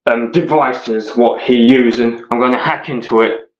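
Man, livestream rant, mid pitch, dull lo-fi audio, agitated, blunt, repetitive. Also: steady tone, normal speed, a little hiss or hum. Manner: agitated, blunt and swearing, repeats himself. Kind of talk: ranting livestream talk.

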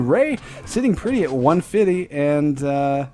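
A man's voice: a little high, big pitch swings, unhurried, warm tone, faint music behind. A man casting a live video game match with play-by-play commentary, jokey and prone to rambling tangents. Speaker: esports caster.

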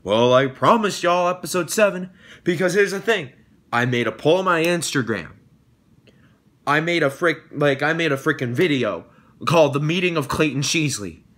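A young man hosting his own YouTube show, talking casually and breaking into loud, sarcastic rants with swearing. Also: on the high side, lively intonation, normal speed. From United States. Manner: rants loudly, swears, dramatic outbursts. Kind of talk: casual vlog monologue.

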